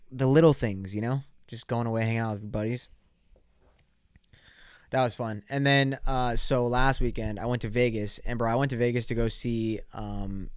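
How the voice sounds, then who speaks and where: A young man with a smooth, resonant mid-range voice rants on his solo podcast into a close, dry mic with no room sound. He swears constantly, uses bro slang, rambles through stories, and acts out both sides of made-up encounters.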